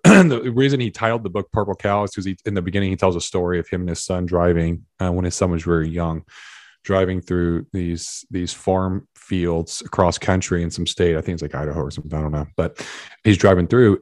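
Male podcast guest, low voice, lively storyteller, dry sound. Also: a little fast, dry recording. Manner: animated storyteller, acts out quotes. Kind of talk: casual conversation.

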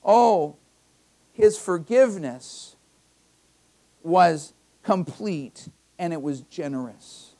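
A man's voice: fairly high pitch, expressive, extremely slow, pauses often, dark tone. Male pastor preaching a conversational sermon. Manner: conversational preaching with personal anecdotes; emphatic, repeats key phrases. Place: church.

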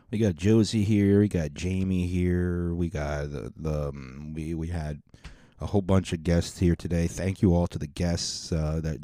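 A man's voice: deep voice, dark tone, dry recording, studio quality. A man hosting a casual solo podcast, talking in a rambling, offhand way. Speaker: podcast host.

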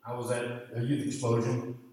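A man preaching a sermon, telling a story from his youth and acting out his own grumbling thoughts with sudden jumps and quiet mutters. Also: medium pitch, completely flat delivery, normal speed. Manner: drops to a muttering hush for inner grumbling. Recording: echoey hall, voice from far off, faint ambience.

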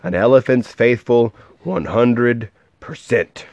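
A man voicing a gentle, faithful storybook elephant. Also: mid-range voice, slow, vocal fry, no room sound. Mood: patient. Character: gentle faithful male elephant, patient and kind.

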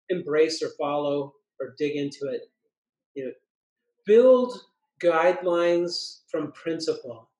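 Animated high-voiced man in an echoey room. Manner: animated, thinks aloud with restarts, quotes scripture in slow emphasis. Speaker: pastor co-host of a church podcast. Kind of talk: casual podcast discussion. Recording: roomy echo.

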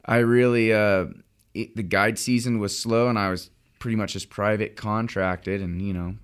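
Chill young dude, fishing guide, kinda low voice, lots of uhs and you knows. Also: male voice, steady tone, moderate pace, clean tone. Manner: laid-back, lots of fillers and restarts. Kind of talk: casual podcast chat.

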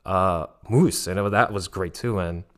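A man's voice: sits low, unhurried. A young man casually telling a story about his missionary days, rambling with many fillers and acting out what others said. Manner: rambling, filler-heavy, animated quoting of others.

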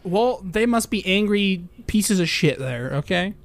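A man's voice: sits high, expressive, measured pace, vocal fry. A young man co-hosting a casual podcast, bantering and joking with mock exasperation. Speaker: podcast co-host. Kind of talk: casual chat.

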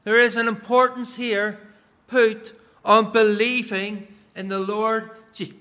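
A man preaching a sermon in a strikingly high, bright voice. He speaks slowly and deliberately, stressing key words as he reads scripture passages aloud and explains them. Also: level tone. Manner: measured, emphatic delivery that stresses key words.

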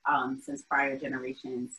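A woman's voice: a bass voice, completely flat delivery, moderate pace, sharp tone, rough recording. A woman from Albany speaking as an interview guest, thoughtful and earnest, with frequent restarts. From Albany, New York. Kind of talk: casual interview chat.

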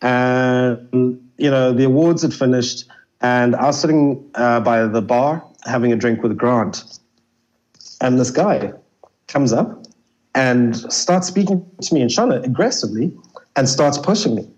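A man recounts stories as a guest in a relaxed interview, his voice sitting at an ordinary middle pitch. He talks in a loose, chatty flow, leaning often on "you know". The audio is a little dull and lo-fi. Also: a little slow. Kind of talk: casual storytelling in an interview.

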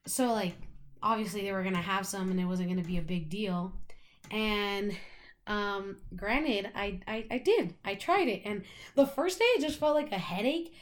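A young woman, co-hosting a podcast, chatting casually and telling a rambling story full of "like" and swearing. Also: mid-range voice. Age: young adult. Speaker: podcast co-host. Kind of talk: casual chat.

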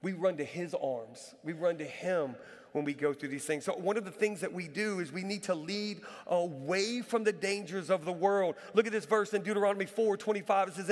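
A male pastor preaching a sermon with a high-pitched voice. He tells stories with lively energy and climbs into excited shouting at the big moments. His voice carries the long reverb of a large church hall. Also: fairly quick. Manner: lively storyteller who rises to excited shouting. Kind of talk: sermon with a personal story.

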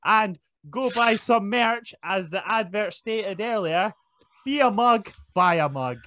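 Slow-talking lively podcast host man. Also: high voice, a little hiss or hum. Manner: loose and joking, stumbling over dates. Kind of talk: casual show plugs.

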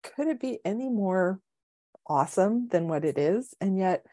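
A woman's voice: mid-range voice, normal speed, dry recording. Chatty woman in her fifties, dry sound. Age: 50s. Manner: animated storyteller, acts out quoted voices. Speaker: podcast co-host, life coach. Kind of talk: casual chat. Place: home, city.

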